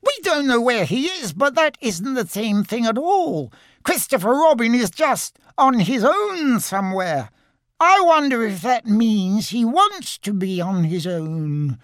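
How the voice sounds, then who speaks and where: A man's voice: very high voice, big pitch swings, measured pace, fairly bright tone, no room sound, clean studio sound, voice pushed up, exaggerated voice. A man voicing a small, timid male pig who sounds nervous and unsure in a storybook reading.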